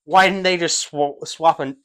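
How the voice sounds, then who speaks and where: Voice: medium pitch, fairly even intonation, measured pace, fairly bright tone, smooth. A podcast co-host poking holes in a theory in casual, argumentative chat with casual swearing. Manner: skeptical, argues, swears casually.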